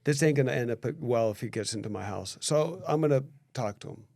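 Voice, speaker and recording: A man telling a story on a podcast in casual chat. He acts out the quoted lines and often restarts his phrases. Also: medium pitch. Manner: animated storyteller who acts out quoted dialogue; quick, repetitive restarts.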